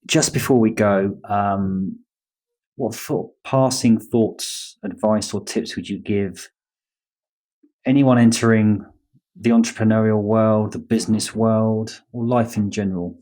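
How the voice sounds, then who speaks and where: Friendly podcast host. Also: male voice, on the low side, fairly even intonation, unhurried, mellow, poor audio. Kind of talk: casual interview chat.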